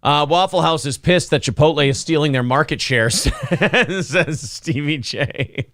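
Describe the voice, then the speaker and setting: Man, talk show host, brash, profane, jokey, casual chat, highish pitch. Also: a little slow, fairly bright tone, no room sound. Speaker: podcast host. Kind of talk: casual live-stream chat.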